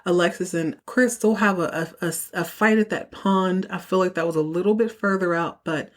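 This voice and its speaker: A woman hosting a podcast, telling the story of a TV episode in an animated, chatty way. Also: lowish voice, normal speed. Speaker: podcast host. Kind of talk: casual TV episode recap.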